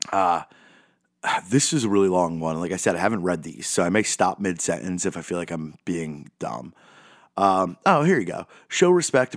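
Low-voiced goofy podcast host, dry mic. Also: male voice, no room sound. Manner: rambling, self-deprecating, goofy. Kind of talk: casual monologue.

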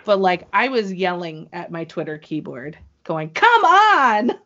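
Excitable woman gushing about wrestling. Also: on the low side, moderate pace, lo-fi sound. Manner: excitable, gushing fan talk. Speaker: wrestling show co-host. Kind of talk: casual podcast chat.

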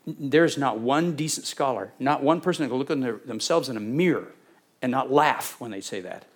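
A man's voice: medium pitch, lively intonation, a little fast. A man preaching a sermon, talking animatedly and acting out Bible scenes in different voices. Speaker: pastor.

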